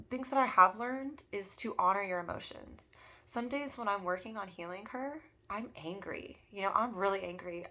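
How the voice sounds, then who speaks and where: Woman, bright clear tone, earnest and rambling self-help vlogger, lots of "um" and "you know". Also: medium pitch. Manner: earnest, rambling, many fillers and restarts. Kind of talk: casual heartfelt monologue.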